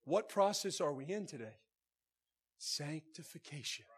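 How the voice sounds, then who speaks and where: A man preaching a sermon as pastor. He calls out to the congregation and swings from soft, low passages to shouted preaching. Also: animated, unhurried, husky.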